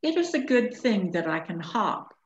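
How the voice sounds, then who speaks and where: A woman's voice: medium pitch, very animated, moderate pace, close to an everyday voice. A woman voicing a small, lonely young male bunny who speaks in a plaintive, sniffling way. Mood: hopeful. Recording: echoey room, dull lo-fi sound.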